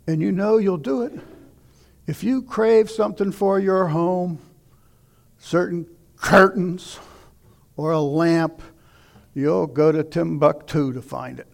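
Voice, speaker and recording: A middle-aged male pastor preaching a sermon, telling stories and asking questions, dropping to near whispers and rising to shouts. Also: fairly high pitch, slow, gravelly, pauses often. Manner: dramatic, swings from hushed near-whispers to shouting; conversational storytelling with rhetorical questions.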